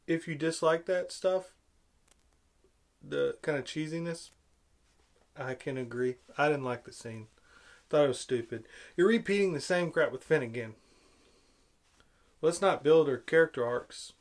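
A high-voiced man delivering a ranting film commentary. He is sarcastic and exasperated, hammering the same complaints again and again. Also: a little slow, pauses often. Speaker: movie reviewer.

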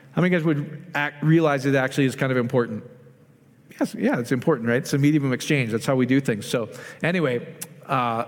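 A man giving an informal sermon to a small group, conversational, often asking his listeners questions and jumping higher in pitch when he gets excited. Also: in a large hall. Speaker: preacher.

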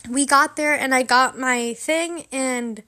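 A young woman hosts a podcast, meandering through a personal story with self-deprecating humor. Her voice is high and her pace slow, and she gets animated whenever she quotes herself.

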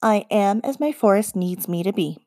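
A woman voicing a cool, wry shapeshifting witch of the forest, speaking in a dry, teasing, unhurried way. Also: mid-range voice, lively intonation, warm tone, no echo, natural voice. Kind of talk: audiobook character voice.

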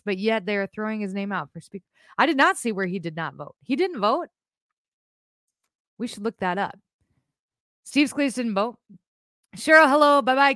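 A woman hosting a live podcast stream, chatting casually in a blunt, animated way, with rambling asides and swearing. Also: a little high, smooth, no room sound, clean studio sound. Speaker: podcast host.

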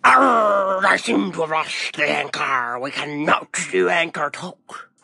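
Grumpy pirate captain growling arr, bright pushy voice, guy hamming it up. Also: on the high side, takes it slowly, creaky, breathy edge, no echo, studio quality, heavily acted. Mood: indignant.

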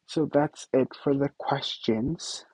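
Young guy podcast host, slow husky chatter, dry close mic. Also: medium pitch, darkish tone, no room sound, low-quality recording. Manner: chatty, giggly, rambling with fillers. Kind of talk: casual solo podcast chat.

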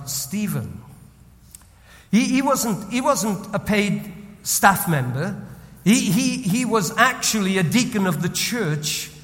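A man preaching as a senior pastor, moving between hushed, tender storytelling and loud, rising exhortation. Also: fairly high pitch, big-room sound. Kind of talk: sermon.

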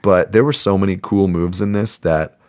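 Deep-voiced laid-back man chatting. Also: fairly even intonation, normal speed, noisy background. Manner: laid-back, rambling, swears casually. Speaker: podcast co-host. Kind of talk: casual chat.

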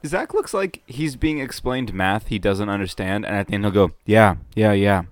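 A man co-hosting a podcast, making deadpan jokes in casual chat. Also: lowish voice, moderate pace, no echo. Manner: dry joking, deadpan quips. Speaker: podcast co-host. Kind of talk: casual chat, reacting to a show.

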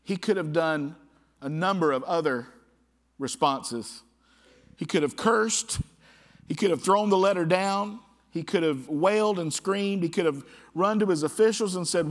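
A man's voice: on the high side, moderate pace. A man preaching a sermon as pastor, reading scripture aloud with rising, impassioned emphasis. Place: church sanctuary. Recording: church hall with long reverb.

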